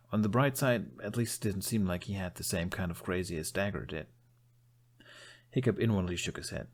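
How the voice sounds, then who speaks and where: Male narrator for a fan audiobook, steady and measured, gravelly tone. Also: deep voice.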